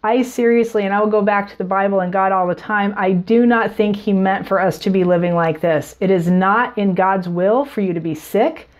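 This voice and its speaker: A woman's voice: medium pitch, moderate pace, hardly any pauses. A woman talking casually to listeners as a podcast host, telling stories with frequent fillers and restarts. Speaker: podcast host and energy healer. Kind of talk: casual spoken monologue.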